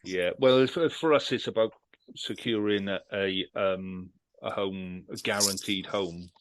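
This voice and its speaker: Poor audio captures a man's low, slightly slow voice as he hosts a rugby podcast. He keeps the chat casual, running segments and predictions with jokey banter and plenty of swearing.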